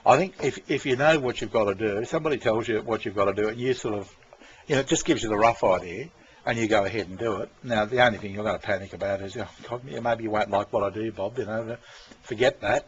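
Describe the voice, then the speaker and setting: A man's voice: lowish voice, fast. A man talking in a rambling, casual monologue, full of fillers and restarts and swearing freely as he gives directions. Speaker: vlogger giving creative direction. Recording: dull lo-fi sound with faint room noise.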